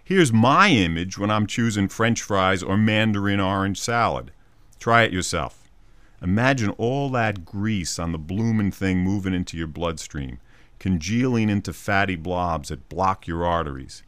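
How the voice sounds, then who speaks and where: A man's voice: sits low, expressive, unhurried, a bit bright, clear, resonant tone, no echo. A man, a psychologist hosting a short scripted segment, telling a vivid everyday scene and acting out small quoted voices along the way. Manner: vivid storytelling, acts out little quoted voices. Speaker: psychologist radio host. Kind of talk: scripted spoken commentary.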